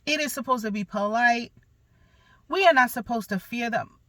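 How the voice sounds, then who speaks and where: Podcast host, woman, 30s; bright, forceful, blunt storyteller, dry close mic. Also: fairly high pitch, normal speed, no echo. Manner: candid, emphatic, blunt with occasional profanity. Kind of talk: personal storytelling monologue.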